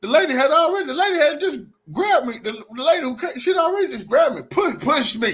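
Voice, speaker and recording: A man's voice: very high voice, expressive, fast talker, a bit bright. A man livestreaming from a bar on his phone, talking in an agitated, repetitive way with heavy profanity and street slang. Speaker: livestreaming vlogger. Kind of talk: heated livestream confrontation and recap. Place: in and around a bar.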